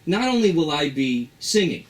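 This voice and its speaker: A man's voice: on the high side, big pitch swings, moderate pace. A man co-hosting a radio show in a studio, bantering playfully and theatrically. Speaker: radio co-host.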